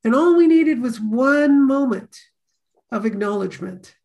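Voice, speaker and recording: Woman, course teacher, gravelly voice, storytelling delivery. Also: a little high, lively intonation, unhurried, darkish tone, dull audio. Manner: storytelling, acts out quoted voices. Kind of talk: teaching a class talk.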